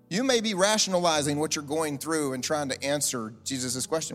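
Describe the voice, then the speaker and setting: A man preaching in a conversational, joking way, his voice sitting a bit high and carrying a long hall echo. Faint music sits under the sermon. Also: fairly quick, hardly any pauses, fairly bright tone. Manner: conversational, humorous preaching with asides and repetitions. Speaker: pastor.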